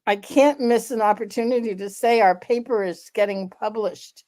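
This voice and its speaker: A woman co-hosting a candid podcast conversation, explaining in a measured, deliberate way with frequent fillers. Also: fairly high pitch, a little mellow. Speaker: podcast co-host, researcher.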